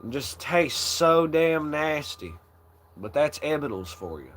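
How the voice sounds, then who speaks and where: Laid-back, slow-talking young man. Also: a little high, very animated, fairly bright tone, slight background noise. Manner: laid-back, rambling, swears a lot, laughs often. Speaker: channel host. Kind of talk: casual chat.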